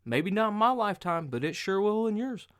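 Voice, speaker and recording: A man's voice: sits high, big pitch swings, brisk, voice pushed up. A man voicing an older male Vietnam veteran who urgently preaches about economic collapse. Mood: urgent warning.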